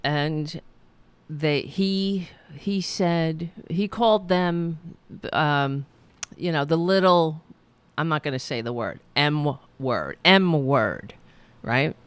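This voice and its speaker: A woman's voice: low voice, takes it slowly, clean tone, dry recording. A woman hosting a talk show, speaking bluntly and swearing freely, rambling with restarts. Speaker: podcast host. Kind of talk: casual opinion talk.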